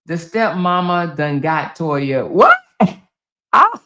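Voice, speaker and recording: A woman hosting a casual livestream, reading viewer comments aloud and laughing, teasing and swearing freely as she talks straight to her viewers. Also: slow. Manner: animated, swinging between loud exclaims and low asides. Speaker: blogger and livestream host.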